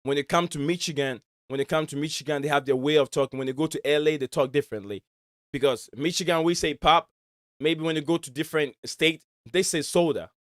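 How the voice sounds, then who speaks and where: A man's voice: on the high side, brisk, no echo, studio quality. A man hosting a casual live stream, rambling and searching for words as he chats. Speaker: stream host. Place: home in Michigan.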